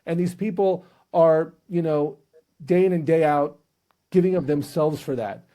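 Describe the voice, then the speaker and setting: Brief: male interview host, high and mellow voice, humorous storytelling. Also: unhurried. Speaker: podcast host. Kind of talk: casual interview chat.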